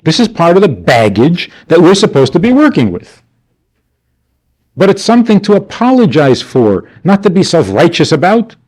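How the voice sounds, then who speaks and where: A rabbi gives a class with a lively pitch that swings up and down. He speaks rhetorically and plays out the voices of the people he quotes. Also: normal speed. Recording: archival 1992 class recording.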